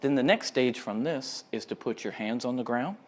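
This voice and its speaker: A man, a fitness instructor, calmly talking viewers through gentle ankle exercises. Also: mid-range voice, moderate pace. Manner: calm, easygoing instructions. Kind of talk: exercise demonstration.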